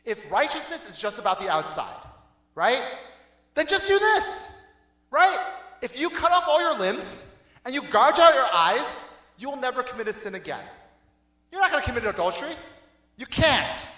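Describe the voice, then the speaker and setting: Animated young man preaching to youth. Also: high-pitched, echoey room. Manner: animated, laughing, conversational with frequent "right?" and "okay?". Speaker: youth pastor. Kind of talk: casual youth sermon. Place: church hall.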